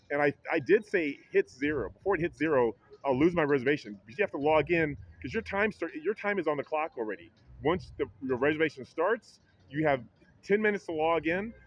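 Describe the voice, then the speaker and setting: A man telling a story about a public library in a casual vlog, rambling with many restarts and acting out quotes in a higher voice. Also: fairly bright tone, slight background noise. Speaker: vlogger. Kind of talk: casual retelling of an incident.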